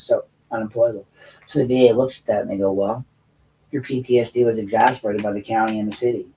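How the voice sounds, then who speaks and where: A man's voice: lowish voice, warm tone, recorded from a distance, slight background noise, poor audio. A man hosting his own show, giving a rambling, combative monologue with many restarts. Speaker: show host and veteran. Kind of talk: monologue commentary.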